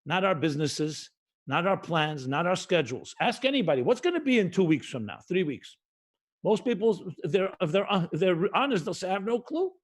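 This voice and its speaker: A middle-aged man from the United States, a rabbi giving a livestreamed sermon, who repeats key phrases and slows down to stress them. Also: high-pitched, very animated. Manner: emphatic, repetitive cadence, mixes Hebrew and Yiddish terms.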